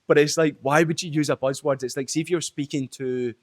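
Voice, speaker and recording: A man's voice: on the high side, fairly even intonation, brisk, no room sound. Blunt man giving sales tips. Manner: blunt, casual, swears freely. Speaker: sales trainer. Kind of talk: direct-to-camera sales tips video.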